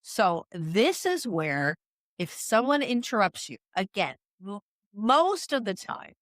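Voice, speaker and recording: A woman giving instructional podcast advice as a communication coach, in a measured coaching tone that checks in with the listener. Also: mid-range voice, sing-song, a bit bright, dry recording, studio quality. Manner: measured, coaching tone with frequent "right?" check-ins.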